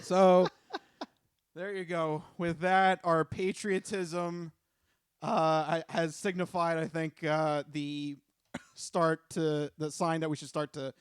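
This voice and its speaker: A man's voice: fairly high pitch, level tone, takes it slowly, clear, resonant tone, no echo, studio quality. A man co-hosting a podcast in casual chat, joking, laughing often and trailing into restarts. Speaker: podcast co-host.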